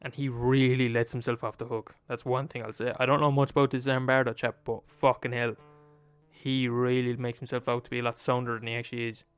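A man's voice: medium pitch, little pitch movement, fairly quick, clear, resonant tone, dry recording, soft background music. A man with an Irish accent retelling a story in a casual, profane, repetitive, conversational way.

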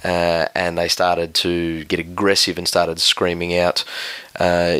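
A man with an Australian accent, telling a story in a dry, deadpan way on a casual podcast. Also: deep voice, slow, clear, resonant tone, dry recording. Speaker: podcast co-host. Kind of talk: casual chat.

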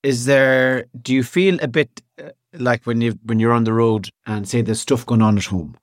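A man's voice: mid-range voice, fairly even intonation, normal speed, no room sound, studio quality. A man hosting a casual podcast chat, prodding his guest with teasing questions. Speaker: podcast host.

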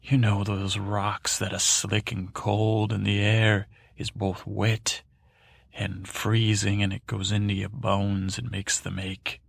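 A man voicing a worldly old tomcat who spins a hushed, meandering bedtime tale. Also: on the low side, monotone, slow pace, creaky, full character voice. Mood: hushed, soothing. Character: worldly old tomcat storyteller, soothing, salty. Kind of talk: bedtime story to help sleep.

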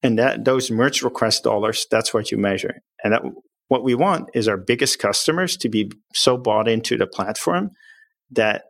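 A man's voice: mid-range voice, moderate pace, creaky, fairly bright tone, no room sound. A man, a company executive, explaining his firm's ways of working in an upbeat, plain-spoken way as an interview guest.

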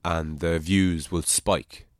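Irish male host, low voice, dry close sound, chatty and probing. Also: fairly even intonation, takes it slowly, no echo. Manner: probing, chatty, swears casually. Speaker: podcast host. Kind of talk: casual podcast conversation.

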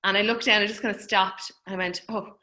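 A woman's voice: medium pitch, fairly even intonation, fast, pushed and bright, poor audio. A woman with an Irish accent, chatty and often laughing, casually telling her birth story and acting out the dialogue.

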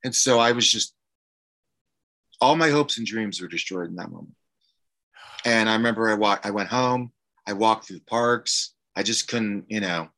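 A man, an actor, telling a candid personal story in conversation, halting and emotional with many fillers and restarts. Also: on the low side, pushed and bright. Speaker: actor guest.

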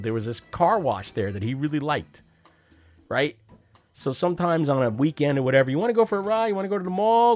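A man telling a wry, profane story about his childhood, now and then acting out the voices of the people in it. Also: mid-range voice. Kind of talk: personal storytelling monologue.

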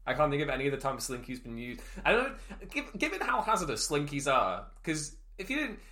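A man co-hosting a film podcast in casual chat, animated and laughing often as he recounts scenes. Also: fairly high pitch, a little fast. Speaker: podcast co-host.

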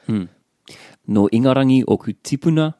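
A man co-hosting a language podcast as the learner, answering with soft murmured acknowledgments and quiet questions. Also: medium pitch, moderate pace, no room sound, clean studio sound. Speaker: co-host learner. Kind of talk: relaxed podcast lesson.

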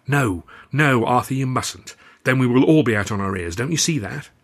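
A man voicing a shaken young chorus girl who talks in an urgent, hushed, pleading way as an audiobook character. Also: mid-range voice, animated, moderate pace.

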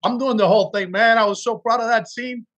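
Through dull audio comes a very high, steady, brisk and slightly bright male voice. He's an actor guest in a casual interview chat, telling earnest, emotional stories from his work with several restarts.

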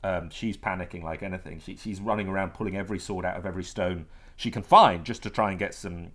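A man guesting on a comedy podcast, delivering a mock news report in a deadpan, rambling way. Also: low-pitched, quick pace. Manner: deadpan, rambling with playful fake voices.

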